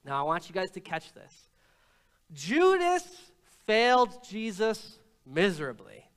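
Guy pastor preaching in church, high smooth voice, acts out the bible bits. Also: wildly swooping pitch, slow pace, a bit bright. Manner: storytelling preacher, quotes scripture and acts out lines with shifts in pitch and pace. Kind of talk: sermon.

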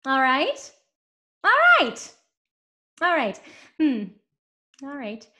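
Breezy rude stewardess voiced by a woman, high voice, lively swings, comedic audio drama. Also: drawn-out words, exaggerated voice. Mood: dismissive. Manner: chirpy, dismissive customer-service patter. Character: flustered young female stewardess, breezy and rude.

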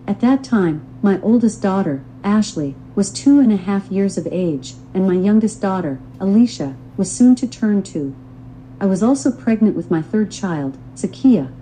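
A woman's voice: mid-range voice, warm tone, a little hiss or hum, rough recording. An older woman reading her own memoir aloud in an earnest, devout testimonial manner. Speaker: memoir author and narrator.

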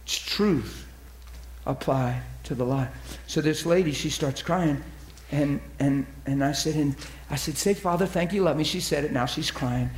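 A man telling ministry stories in a sermon, acting out the people he quotes and dropping to a soft near-whisper at tender moments. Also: medium pitch, steady tone, measured pace, roomy sound, slight background noise. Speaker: preacher. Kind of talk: storytelling sermon.

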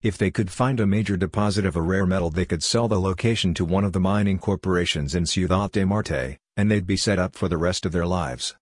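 A man with a very low, husky voice reads a story aloud in a steady, even way. The recording is dry and close, with no room sound behind him. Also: dry recording. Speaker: audiobook narrator. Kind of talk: scripted narration.

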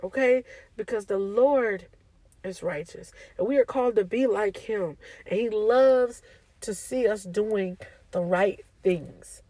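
A woman's voice: medium pitch, slow, warm tone, no room sound, rough recording. A woman giving an informal devotional talk to her online community, often asking "okay?" and speaking in a casual, preachy way. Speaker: faith speaker.

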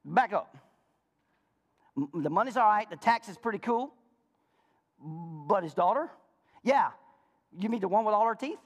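A man preaching a sermon as pastor, swinging between shouted highs and hushed lows, with playful jokes to the congregation. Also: measured pace, pauses often, in a large hall. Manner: animated preaching, swinging from high shouts to low murmurs; playful, joking asides to the congregation.

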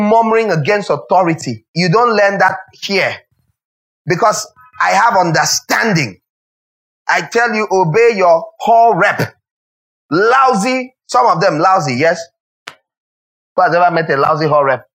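A man's voice: fairly high pitch, a bit bright, rough recording. A male pastor preaching a sermon, emphatic and repetitive, with rhetorical questions and humorous asides.

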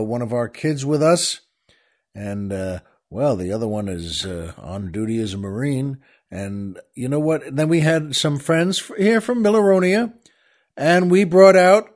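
A middle-aged male host on a casual comedic monologue, his voice sitting a touch high for a man. He rants in an exasperated, jokey way, swinging between soft asides and loud complaints. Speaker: show host.

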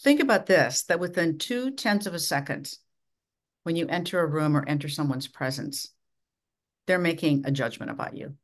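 A middle-aged woman from Minnesota, a leadership coach giving measured, instructive advice as a podcast guest. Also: expressive. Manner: measured, instructive, dramatic swings of pitch and volume. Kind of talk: podcast interview.

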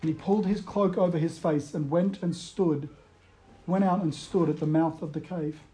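A man delivers a sermon in a conversational way. His voice sits high but sounds mellow and soft-edged. He swings between emphatic bursts and quiet, hushed retellings. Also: fairly even intonation, normal speed. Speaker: preacher.

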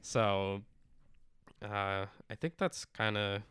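A man's voice: fairly low pitch, steady tone, extremely slow, a bit bright, clear, resonant tone, no room sound, studio quality. A man chatting casually as a podcast co-host, rambling through a film's plot with lots of fillers and acted-out quotes. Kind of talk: casual chat recapping a film.

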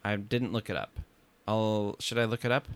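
Low, smooth-voiced man rambling casually. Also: steady tone, normal speed. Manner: rambling, jokey, trails off with fillers. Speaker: podcast co-host. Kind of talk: casual movie chat.

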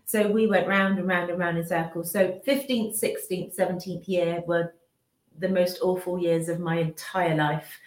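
This interview guest is a woman in her fifties who runs a business and is a mother; her lowish voice moves at normal speed with fairly even intonation. Telling a candid, emotional story, she keeps restarting sentences and acting out others' words, and the room echoes noticeably.

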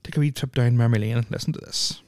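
A man's voice: mid-range voice, fairly even intonation, racing, dry recording. A young Irish man hosting a casual podcast, rambling and swearing constantly, with lots of filler words on a close mic. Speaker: podcast host.

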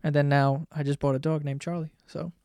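A man's voice: on the high side, level tone, a little fast, creaky, darkish tone, no room sound, studio quality. A young man telling a story casually, rambling with lots of filler words and swearing. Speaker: vlogger.

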